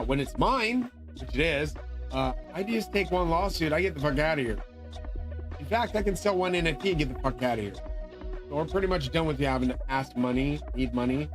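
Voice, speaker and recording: A man hosting his own channel, talking in a profane, rambling, angry monologue full of grand claims. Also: a little high. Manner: angry, swearing, grandiose ranting. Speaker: channel host.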